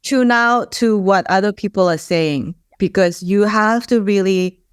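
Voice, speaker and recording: A woman co-hosting a casual podcast, speaking animatedly with sudden jumps upward in pitch. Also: measured pace, clean tone, no echo, clean studio sound. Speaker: podcast co-host. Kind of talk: casual conversational podcast chat.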